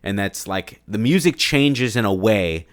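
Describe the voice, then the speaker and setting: A man co-hosting a casual movie review podcast, excitable and quick to act out characters. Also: fairly low pitch. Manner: excitable, animated quoting of characters. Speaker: podcast co-host.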